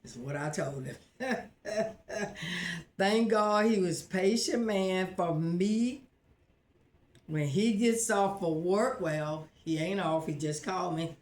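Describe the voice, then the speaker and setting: A woman hosting a home cooking show chats in an unhurried, drawn-out way, talking straight to her viewers and laughing between steps. Her voice carries a noticeable room echo, as if recorded in a bare kitchen. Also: fairly low pitch. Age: adult, married. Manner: chatty and excitable, laughs often, talks straight to viewers. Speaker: host of a home cooking channel. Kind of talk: casual live cooking chat. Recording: roomy echo.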